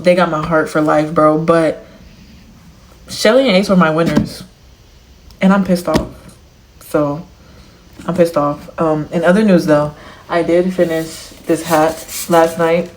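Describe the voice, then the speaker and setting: A young woman chatting casually to camera in a crochet vlog, slangy and animated as she reacts to a TV show. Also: low-pitched, measured pace, long pauses, a little hiss or hum, rough recording. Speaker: crochet vlogger. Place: home, indoors.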